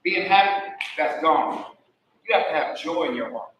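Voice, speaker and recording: A man with a bright, fairly high voice delivers a eulogy at a memorial service. He tells lively, animated stories and slips into imitations of the deceased. The sound is distant and echoey, with faint ambient noise. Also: moderate pace, highs cut off. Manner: animated, laughing, mimics the deceased. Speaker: eulogy speaker. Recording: echoey hall, voice from far off.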